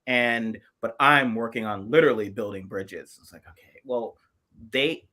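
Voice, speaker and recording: A man's voice: lowish voice, normal speed, pushed and bright. Impassioned man on a video chat. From South Carolina. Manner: emphatic and impassioned, many restarts. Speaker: podcast co-host. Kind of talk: casual political chat.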